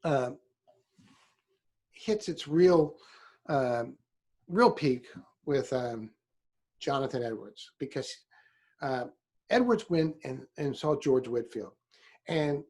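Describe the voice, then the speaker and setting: A man's voice: mid-range voice, animated, a little slow, long pauses, a little mellow, slightly rough. A middle-aged man giving a conversational classroom history lecture, with fillers, restarts and teasing asides to his students. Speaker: history teacher.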